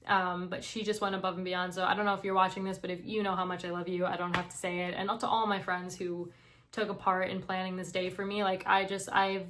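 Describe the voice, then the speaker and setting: A woman's voice: fairly low pitch, flat delivery, fast, noisy background. A young woman vlogger talking to camera in an earnest, emotional and encouraging way. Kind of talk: casual heartfelt talk to camera.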